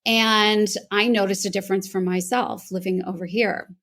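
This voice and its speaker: A woman's voice: medium pitch, steady tone, normal speed, fairly bright tone. An American woman, a voice coach, earnestly telling her story as a podcast guest. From United States. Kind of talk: podcast interview.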